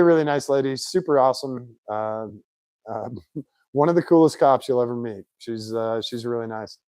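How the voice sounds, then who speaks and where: A man chatting casually in his home garage shop, telling lively anecdotes and mimicking the people in them. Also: medium pitch, no echo. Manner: chatty, animated anecdotes with put-on quotes. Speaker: shop owner, car builder. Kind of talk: casual storytelling.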